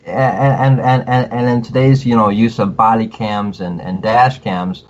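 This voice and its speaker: A man giving advice as a podcast guest in casual talk, halting and repeating words as he restarts his sentences. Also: lowish voice, fairly even intonation. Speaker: podcast guest, cop watcher. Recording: dull lo-fi audio with faint noise.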